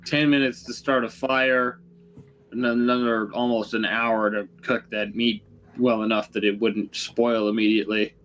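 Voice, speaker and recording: A man chatting and joking through a tabletop session over voice chat, his voice at a middle pitch. A faint hiss of background noise runs under his words. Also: flat delivery, a bit bright, low-quality recording. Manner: joking, quick banter. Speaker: player. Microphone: voice chat microphone.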